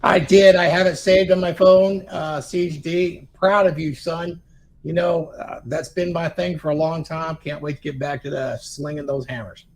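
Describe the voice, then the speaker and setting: A higher-voiced man with a gravelly edge gives friendly shout-outs to viewers on a live stream. A faint noise sits under his voice. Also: level tone, normal speed. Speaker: stream co-host.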